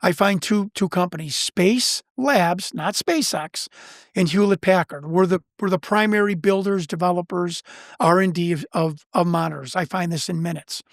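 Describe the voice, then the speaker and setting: A man from Chicago, an investigator and podcast guest, telling a story fast with many repeated words and restarts. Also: high voice, dry recording, clean studio sound. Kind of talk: animated storytelling in an interview.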